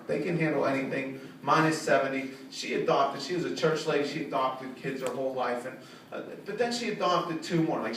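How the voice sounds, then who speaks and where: A middle-aged man doing a stand-up comedy set, brash and profane, recorded in a small art studio venue. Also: a bit bright. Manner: brash and profane, pitching up for quoted callers. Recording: very echoey room, from a distance, audible noise.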